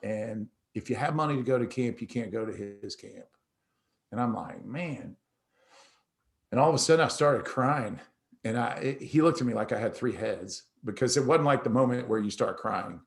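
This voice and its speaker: A middle-aged man hosts a motivational talk, telling a personal story in a loose, conversational way. He breaks off and restarts often, and acts out the dialogue with energy. His voice sits at an ordinary middle pitch. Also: normal speed, creaky. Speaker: host.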